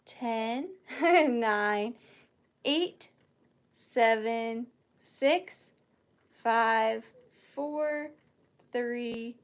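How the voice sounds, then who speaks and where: A woman chats through an online auction, playful and self-mocking as she shows each item and counts down the bids. Her voice sits a little high, and she takes her time. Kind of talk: live auction chat.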